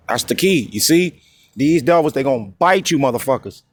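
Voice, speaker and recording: A man preaching on scripture in a coarse, heated way, reading verses slowly and drawn out and checking in with the listener again and again. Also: mid-range voice, animated. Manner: constantly repeats "you see?" and "you know what I mean?". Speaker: street-style preacher.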